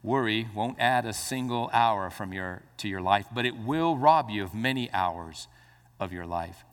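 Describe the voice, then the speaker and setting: A man preaching a sermon as pastor, swinging between quiet explanation and rising exclamations, with playful asides to the congregation. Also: lowish voice, lively intonation, measured pace, long reverb tail.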